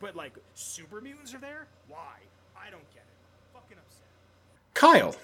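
A man from Pennsylvania co-hosting a casual gaming podcast, animated and prone to ranting with rapid questions and swearing. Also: high-pitched, gravelly, slight background noise. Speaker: podcast co-host.

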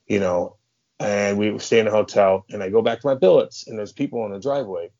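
A man's voice: fairly low pitch, steady tone, brisk, mellow. A man in his thirties from St. Louis, a former hockey player telling rambling, swear-filled stories as a podcast guest. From St. Louis, USA. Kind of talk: casual storytelling. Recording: muffled lo-fi podcast audio.

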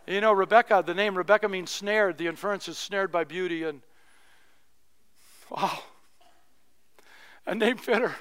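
A middle-aged man preaching from the pulpit with a high, ringing voice. He tells a personal story casually and with humor, his tone clear and smooth throughout. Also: moderate pace, long pauses, fairly bright tone. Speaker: pastor. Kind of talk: sermon.

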